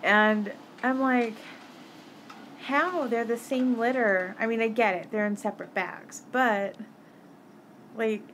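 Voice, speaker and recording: A woman's voice: fairly high pitch, fairly even intonation, takes it slowly, long pauses, fairly bright tone, a little hiss or hum. Giggly woman streaming from her phone. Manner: giggly, laughs often. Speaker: live-stream host. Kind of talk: casual live-stream chat. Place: home apartment. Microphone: phone held up.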